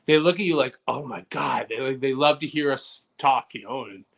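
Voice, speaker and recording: Rambling Canadian co-host. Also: male voice, medium pitch, fairly quick. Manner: rambling, filler-heavy storytelling. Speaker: podcast co-host. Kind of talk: casual comedy podcast chat.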